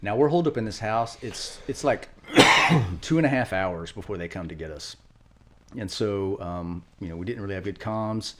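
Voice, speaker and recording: A middle-aged man, a retired Marine, telling war stories quickly in an interview, acting out quotes. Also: fairly low pitch. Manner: fast, animated war storytelling with acted quotes. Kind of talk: storytelling interview.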